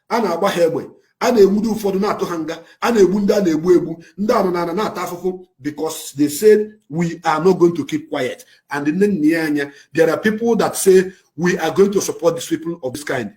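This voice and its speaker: An activist with a Nigerian accent speaks to camera in a fiery, impassioned rant, swinging between shouting and low, intense passages.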